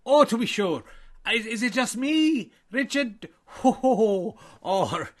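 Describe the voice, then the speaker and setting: A man's voice: extremely high pitch, big pitch swings, slow pace, voice pushed up, heavily acted. A hammy stage-Irish snooker player, put on by a man in a comic commentary improv. The voice sits well above the performer's own and bounces with overdone jolly patter. The put-on Irish accent keeps slipping into Welsh.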